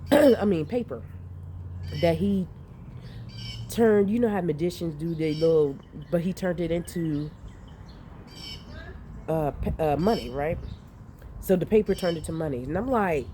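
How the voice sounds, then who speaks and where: A woman vlogger telling a story in a casual, animated way, swearing freely and laughing often, recorded outdoors. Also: lowish voice, unhurried, pauses often, slight background noise. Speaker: vlogger recounting dreams. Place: outdoors in light rain. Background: rain and outdoor ambience.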